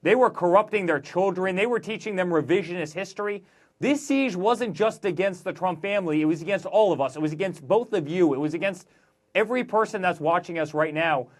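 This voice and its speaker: A man in his forties, a guest author in a political interview, talking emphatically in rapid-fire lists. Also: sits high.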